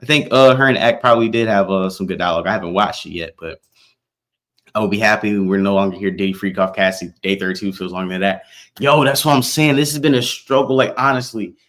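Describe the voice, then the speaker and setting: Brief: male streamer, lowish voice, laid-back slangy chat with his viewers. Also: fast talker, fairly bright tone. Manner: slangy, reacts to chat comments. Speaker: livestream host. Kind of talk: casual livestream chat.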